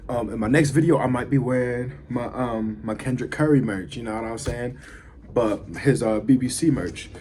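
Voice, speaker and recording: A man's voice: mid-range voice, normal speed, darkish tone, slight background noise. A man talking casually to camera, rambling with fillers as he reviews food and tells a story. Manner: laid-back, rambling with fillers. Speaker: vlogger.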